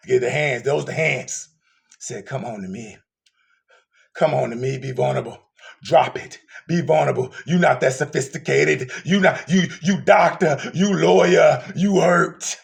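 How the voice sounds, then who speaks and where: Male preacher, gravelly and high-pitched, lurching from shouts to whispers. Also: moderate pace. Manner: swings from shouting to hushed whispers. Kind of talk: emotional street sermon.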